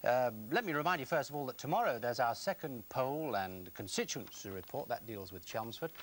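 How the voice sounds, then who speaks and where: A man interviewing guests in a TV studio, with a brisk, chatty presenter's manner. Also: mid-range voice, animated, a little hiss or hum. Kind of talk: regional TV interview and sign-off.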